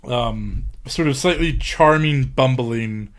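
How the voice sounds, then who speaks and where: A man's voice: mid-range voice, slow. A man giving a casual podcast lecture, hesitant, with many ums and restarts. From England.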